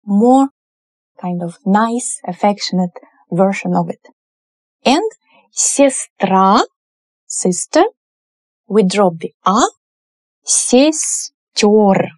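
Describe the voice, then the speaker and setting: A woman teaching a language lesson, explaining each word form slowly and patiently. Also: medium pitch, a little mellow, dry recording.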